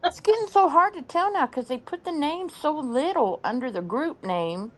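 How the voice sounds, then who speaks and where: A woman's voice: high-pitched, lively intonation, moderate pace, no room sound. A woman hosting a livestream and chatting in a dry, matter-of-fact way. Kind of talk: casual chat.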